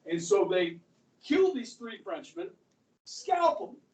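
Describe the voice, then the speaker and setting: A man's voice: extremely high pitch, big pitch swings, slow pace, darkish tone. American guy teaching history, chatty storyteller, keeps saying okay, echoey room far from the mic. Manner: chatty storytelling with frequent "okay?" check-ins. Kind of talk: classroom lecture. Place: classroom.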